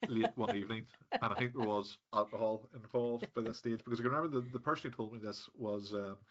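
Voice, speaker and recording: A man's voice: on the low side, steady tone, fast talker, a bit bright, lo-fi sound. A man with a Northern Irish accent telling stories as a podcast guest, chatty and self-mocking, laughing often. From Northern Ireland. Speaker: podcast guest, practice manager. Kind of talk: casual interview chat.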